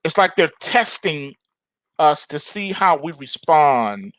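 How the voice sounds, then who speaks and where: A middle-aged man hosting a market show, delivering a forceful, repetitive opinion monologue. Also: a little high, very animated, slow, no echo, poor audio. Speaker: trading show host.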